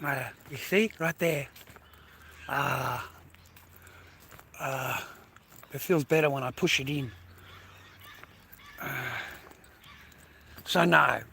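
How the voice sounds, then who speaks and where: A man livestreaming, ranting angrily at his viewers, swearing a lot and repeating himself, sometimes dropping to a low quiet menace. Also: drawn-out words, creaky, long pauses, slight background noise. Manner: swears constantly, repeats phrases, berates viewers; drops low and quiet when threatening. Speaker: livestreamer talking to his chat. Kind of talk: angry rant to chat.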